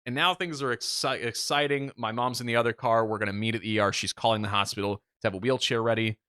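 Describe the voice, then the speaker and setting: A man co-hosting a podcast, telling a story in casual chat with an animated, self-mocking manner and free swearing. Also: medium pitch, fast talker, smooth, dry recording, studio quality. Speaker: podcast co-host.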